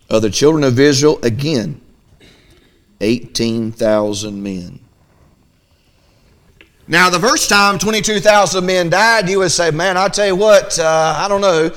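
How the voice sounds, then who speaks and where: A male pastor delivering a midweek sermon in a fairly high voice. He reads scripture aloud and slips into the voices of the Israelites. His talk is folksy and animated.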